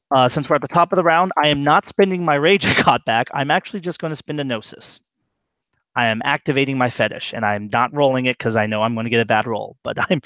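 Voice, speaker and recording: A man's voice: medium pitch, fairly bright tone, no room sound, dull audio. Hesitant man running a tabletop game. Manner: halting, explains rules with many fillers. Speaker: game master.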